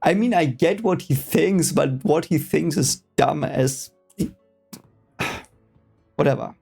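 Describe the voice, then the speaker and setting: A man's voice: a little high, slow, creaky, darkish tone, slightly rough, faint music behind. A man whose first language is German, casually reading a book aloud for the first time and reacting with rambling, hesitant, exasperated asides.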